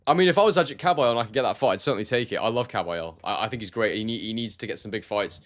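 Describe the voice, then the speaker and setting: A man's voice: lowish voice, racing. A man with a neutral southern English accent, hosting a casual live stream and chatting about boxing while reading out viewer comments. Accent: neutral southern English, no regional trace. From Scotland. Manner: relaxed, chatty, addresses viewers as mate. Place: warm room at home.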